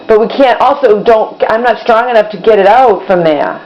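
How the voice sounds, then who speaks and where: In her kitchen at home, a woman vlogger delivers a casual monologue to the camera, rambling, exasperated and repeating herself. Her mid-range voice moves at normal speed with hardly any pauses, and the recording is slightly dull with a faint background hum.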